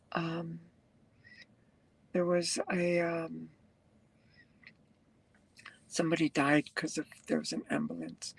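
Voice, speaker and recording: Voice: mid-range voice, husky, dry recording, rough recording. A truck driver talking casually to viewers on a live stream, rambling, reading comments aloud and laughing often.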